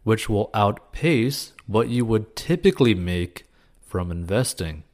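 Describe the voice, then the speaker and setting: A man's voice: on the low side, lively intonation, a little slow, darkish tone. A man answering a viewer's question with casual, earnest money advice, encouraging and peppered with "like" and "you know.". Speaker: personal finance advice host.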